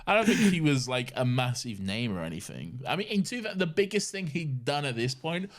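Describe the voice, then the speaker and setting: A man's voice: mid-range voice, sing-song, moderate pace. A male podcast co-host in easy, casual chat, his voice moving freely up and down. He rambles, backs up and restarts his thoughts as he goes. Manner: rambling, restarts often, laughs a lot.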